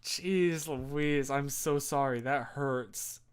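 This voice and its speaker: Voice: mid-range voice, drawn-out words, smooth. A streamer in their thirties chatting casually on a live stream, reading chat and rambling with many fillers and restarts.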